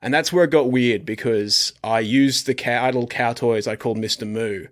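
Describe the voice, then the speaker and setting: A man's voice: mid-range voice, fairly quick. A man, an actor guest on a podcast, telling a story in a casual, rambling way that keeps breaking off and restarting. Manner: rambling, self-interrupting storyteller.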